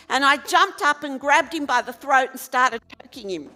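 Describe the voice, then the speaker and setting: A woman telling a frank, animated story to a live festival audience, laughing as she goes. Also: high-pitched, normal speed, few pauses. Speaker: festival speaker.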